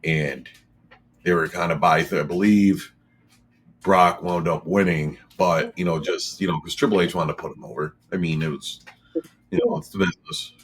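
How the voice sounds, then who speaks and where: A man's voice: low-pitched, steady tone, normal speed, a little hiss or hum. A man talking casually in a podcast chat, rambling with lots of fillers and restarts.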